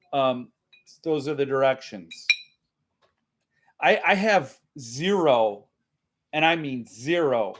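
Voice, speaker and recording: A man hosting a casual live-stream chat with viewers, rambling and self-mocking, laughing often. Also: mid-range voice. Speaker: host.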